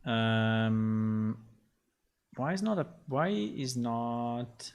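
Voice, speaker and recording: A man's voice: medium pitch, drawn-out words, a little mellow, clear, resonant tone. A man casually talking through his game development work on a livestream, rambling and muttering to himself as he goes. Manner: rambling, talks to himself, gets frustrated and swears.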